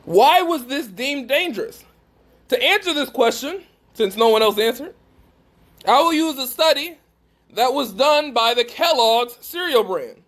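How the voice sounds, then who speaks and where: A man with a strikingly high voice preaches to a gathered group. He talks emphatically and keeps pressing his listeners with direct questions. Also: lively intonation, measured pace, a bit bright. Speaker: speaker at a faith gathering. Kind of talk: preaching talk to a live group.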